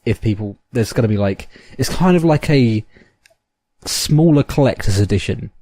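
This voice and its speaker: A man co-hosts a casual gaming podcast with a deep, mellow tone and a dry, close sound. He talks in an easygoing way and giggles often. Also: lively intonation, normal speed, dry recording. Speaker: podcast co-host.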